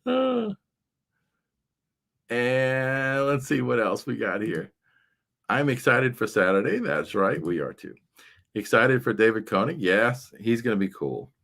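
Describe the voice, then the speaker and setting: A man's voice: medium pitch, sing-song, a little slow, gravelly, pauses often, a bit bright. A man hosting a casual livestream chat, rambling along with frequent fillers. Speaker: livestream show host.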